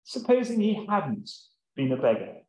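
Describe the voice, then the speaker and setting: A man preaching a sermon, reading scripture and then explaining it in a slow, measured way with long pauses and the odd um. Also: high voice, wildly swooping pitch, mellow, echoey room, poor audio.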